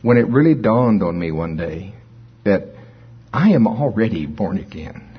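A man's voice: lowish voice, very animated, unhurried, slightly rough. A man in his sixties preaching a sermon in a folksy, storytelling manner. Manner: folksy, storytelling, chuckles at his own jokes. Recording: dull lo-fi recording.

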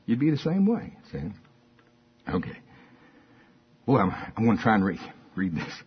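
An older pastor with a drawl preaches in a husky, slightly breathy voice. He talks to the congregation in a folksy, conversational way and hammers his points home through repetition. The recording sounds dull and lo-fi. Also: on the low side, big pitch swings, moderate pace. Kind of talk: sermon. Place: church.

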